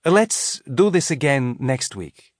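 A man voicing a calm, gentle female chaplain in an audiobook, patient and teacherly. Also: mid-range voice, takes it slowly, no echo, clean studio sound, pitched above the performer's own voice.

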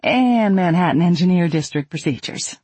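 A man voicing a cheerful, chatty woman clerk who welcomes newcomers with brisk politeness. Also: sits high, expressive, darkish tone, husky, no echo. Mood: cheery.

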